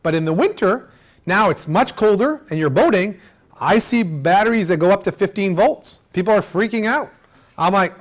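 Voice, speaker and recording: A middle-aged man giving an animated seminar on marine electrics, using food analogies and acting out what customers say. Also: sits high, fairly quick. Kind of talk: lively technical seminar talk.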